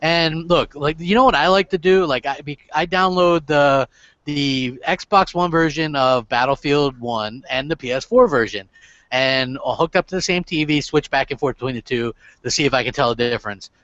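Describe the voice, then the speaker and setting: A man with a fairly high voice talks fast and emphatically on a casual gaming podcast, leaning on fillers as he makes his point. The sound is dull and lo-fi, like an online voice chat. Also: no echo. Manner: animated, emphatic, full of fillers. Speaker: podcast host.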